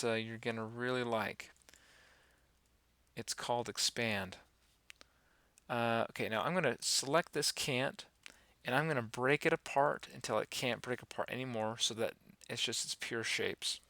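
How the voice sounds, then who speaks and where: A man giving a relaxed, rambling software tutorial, talking through each step with many fillers. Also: medium pitch, vocal fry, no room sound. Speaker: animation instructor. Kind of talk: screen-recorded software tutorial.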